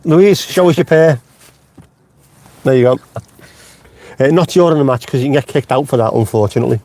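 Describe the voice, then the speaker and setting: A man's voice: mid-range voice, fairly quick, mellow. A middle-aged man hosting a casual live stream from inside his car, chatty and jokey, swearing freely and wandering off on tangents. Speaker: vlogger host.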